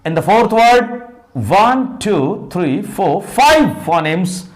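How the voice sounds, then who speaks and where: A man's voice: high voice, very animated, slow pace. A man with an Indian English accent teaching a phonetics lesson, spelling words letter by letter, counting sounds aloud and asking and answering his own questions.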